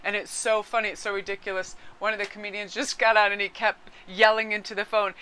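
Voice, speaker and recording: A woman's voice: medium pitch, flat delivery, fast talker, few pauses, sharp tone, smooth. A woman giving a casual tarot reading, chatting with her viewers and aside to her cat. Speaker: tarot card reader.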